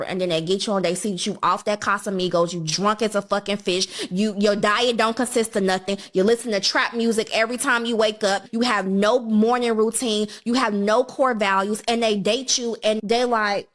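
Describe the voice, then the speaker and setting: A woman's voice: medium pitch, normal speed, fairly bright tone. A woman in a casual candid chat, blunt and profane, mocking herself.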